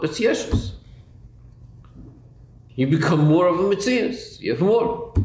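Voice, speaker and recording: Lively questioning man teaching a class. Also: on the high side, measured pace, pauses often. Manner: questioning, repeats words, rhetorical back-and-forth. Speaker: Torah teacher. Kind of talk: Talmudic-style class lecture. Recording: roomy recording with faint hum.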